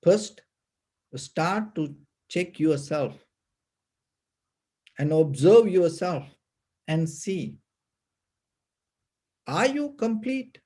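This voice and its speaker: A man giving a Buddhist sermon, speaking haltingly with fillers and restarts. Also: on the high side, animated, dark tone, breathy edge. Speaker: Buddhist teacher.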